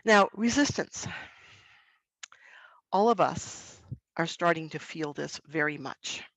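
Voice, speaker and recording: A woman presenting an online webinar to school staff, speaking in an earnest, gentle, unhurried way with pauses. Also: sits low, lively intonation, no echo.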